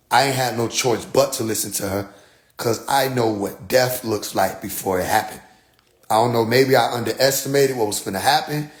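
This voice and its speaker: A young man casually telling a personal story, profane and animated, jumping from loud outbursts to low muttered asides.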